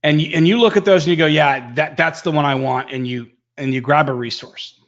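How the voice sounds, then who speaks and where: A man teaching online marketing in a live webinar, energetic and emphatic, swinging his pitch and pace for effect. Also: a little fast, dull audio.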